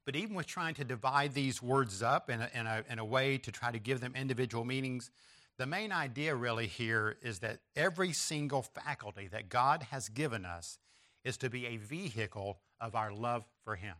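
A man delivering a sermon in a bright, forward voice of middle pitch. He drives points home through repetition, rising on each repeated phrase and dropping at its close. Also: moderate pace. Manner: emphatic repetition with rising stress on key phrases; references an outline and slides to listeners. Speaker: preacher.

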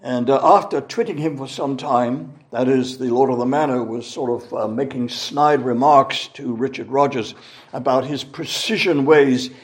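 A male preacher delivering a sermon in a measured, deliberate cadence. He slows down and stresses single words to drive each point home. His voice sits at an ordinary middle pitch for a man. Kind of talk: sermon with scripture reading.

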